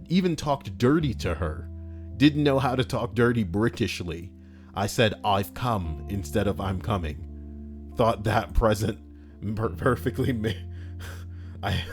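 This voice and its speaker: Over faint background music, a man with a fairly low, somewhat mellow voice narrates stories from reddit. He peppers them with crude, casual remarks, going on rants and cracking himself up.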